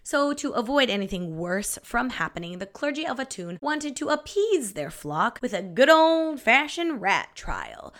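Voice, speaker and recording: A woman's voice: medium pitch, fairly bright tone. A woman hosting a podcast, telling a story in a playful, casual way, often laughing and dropping into dramatic whispers. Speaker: podcast host.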